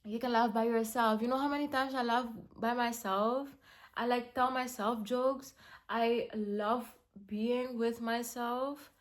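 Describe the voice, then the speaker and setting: A young woman vlogging casually, rambling with many fillers and dropping to a soft, calm tone for self-affirmations. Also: a little high, a little slow. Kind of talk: casual self-talk vlog.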